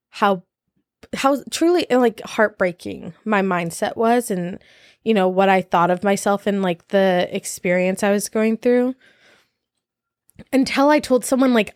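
A woman's voice: mid-range voice, dry recording, studio quality. A young woman in her twenties talking candidly in a casual podcast chat, laughing often and using many fillers.

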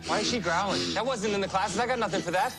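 An actor playing a panicky wisecracking foster dad. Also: male voice, high voice, quick pace, over music, lightly acted. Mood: anxious. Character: anxious, wisecracking new foster father. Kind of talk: film dialogue.

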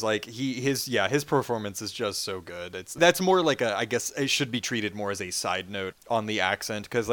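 Animated man in casual fan chat. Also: fairly low pitch. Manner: animated, swears, quotes characters in put-on voices. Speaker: podcast co-host.

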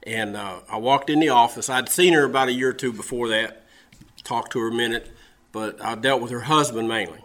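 A man with a medium-pitched, fairly bright voice talks a little fast. Preaching a sermon with a Southern American accent, he tells a personal story in a folksy, storytelling style, often repeating his words.

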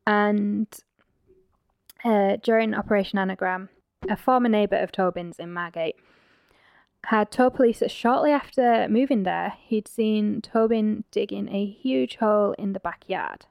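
A woman's voice: mid-range voice, measured pace, gravelly, clear, resonant tone, no echo, muffled recording. A woman hosting a true-crime podcast, narrating the case with blunt, teasing asides. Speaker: podcast host.

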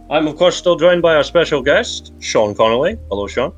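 A man with a Geordie accent hosting a comic podcast, joking around with lively, excitable banter. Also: on the high side, fairly quick, hardly any pauses, soft background music. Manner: lively, jokey, swings into big excited exclamations. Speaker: podcast host.

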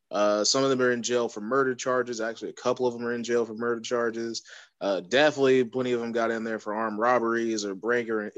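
A man's voice: mid-range voice, dry recording, highs cut off. A man, a pro wrestler guest in a casual panel chat, speaking articulately and wordily with self-deprecating humor.

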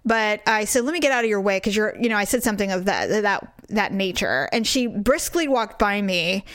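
A podcast co-host tells a story in casual chat, animated and acting out what people said. Her voice is mid-range and brisk, with clean studio sound and no room sound.

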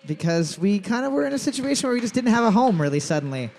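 A man hosting a live trivia night in a brewery, loud and jokey, swearing freely and reading each question twice. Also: high-pitched, big pitch swings, fast talker, vocal fry. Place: large brewery room with live crowd. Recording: long echo in a big room.

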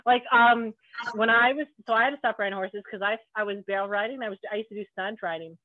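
A woman's voice: medium pitch, fast, no echo. Woman on a thin, phone-like line. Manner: loose, swearing, laughing between words. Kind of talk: casual chat.

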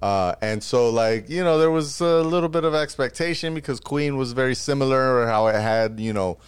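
A man's voice: mid-range voice, normal speed, clean tone, dry recording. A married man on a casual podcast, telling stories in a laid-back, profane way. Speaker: podcast co-host. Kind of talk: casual chat.

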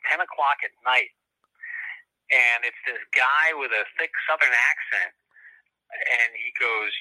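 Male guest storyteller, very bright sharp tone, dry close sound, rambling with fillers. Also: medium pitch, dry recording, rough recording. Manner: rambling, many fillers and restarts. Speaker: professor. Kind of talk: casual storytelling in an interview.

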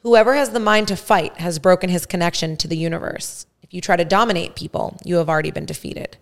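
A woman hosting a podcast reads a first-person story aloud at a measured pace. Her voice is low, with a gravelly fry running through it. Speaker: podcast host. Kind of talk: story reading.

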